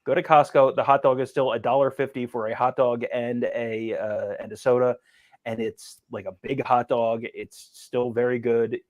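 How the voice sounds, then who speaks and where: A man co-hosting a casual sports podcast. He tells stories in an animated, self-amused way, and his voice sits at a middle pitch. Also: moderate pace, muffled recording. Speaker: podcast co-host.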